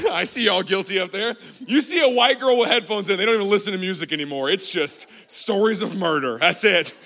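A man's voice: high-pitched, animated, fairly quick, hardly any pauses, sharp tone. A man in his twenties doing a stand-up comedy set for a live audience, laughing at his own jokes and talking straight to the crowd. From Bible Belt of the US. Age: 20s. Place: church hall with a live audience.

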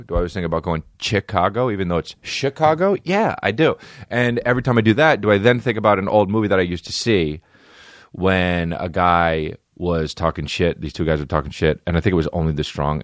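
A man with a very deep voice hosts a comedy podcast in loose, rambling chat. He swears freely and asks himself questions as he goes. The sound is close and dry, with faint music behind him. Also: no room sound. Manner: rambling, profane, self-questioning.

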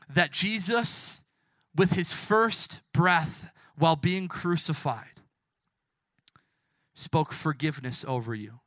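A youth pastor delivers an impassioned sermon and closes in prayer, his slightly high voice swinging between hushed softness and loud emphasis. He drops in casual asides where he corrects himself. The studio sound is clean, with no echo.

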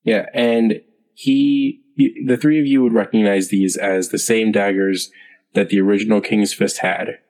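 Male game master, low voice, slow and halting narration, long reverb. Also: steady tone, a little mellow. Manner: unhurried, hesitant narration with many fillers.

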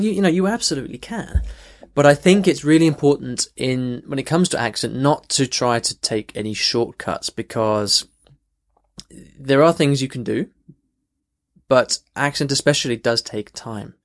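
A man hosts a language podcast and talks through a listener's question. He is earnest and restarts his sentences often, with sudden emphatic lifts. His pitch sits in the middle range. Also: lively intonation, normal speed. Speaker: podcast host and language coach.

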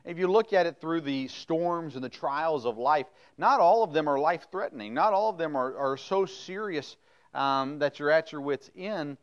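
A man's voice: a little high, normal speed, muffled recording. A middle-aged man preaching casually, reading old-style scripture and then explaining it in a folksy, chatty way with frequent fillers. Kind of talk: casual sermon with Bible reading.

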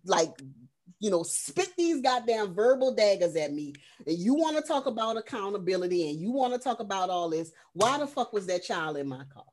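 Woman podcast co-host, casual and profane, animated plot recap, fillers throughout. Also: medium pitch. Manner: frequent fillers like "um" and "like". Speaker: horror movie review podcast co-host. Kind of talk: casual chat.

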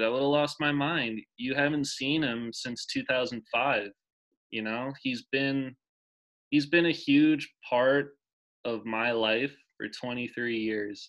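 Bright-voiced man in his twenties, enthusiastic. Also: mid-range voice, poor audio. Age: 20s. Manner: enthusiastic, emotional, rambling with restarts. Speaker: podcast co-host. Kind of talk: casual chat.

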